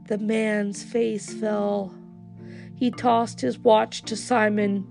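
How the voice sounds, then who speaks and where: A woman reading a children's storybook aloud in a slow, expressive way. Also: mid-range voice, gravelly, soft background music.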